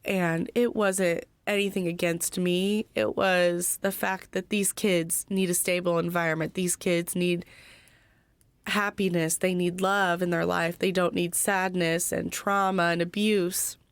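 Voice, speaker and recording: A woman in her twenties, a podcast guest, telling her personal recovery story in an earnest, halting way with many fillers. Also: lowish voice, level tone, smooth, no room sound. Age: 20s.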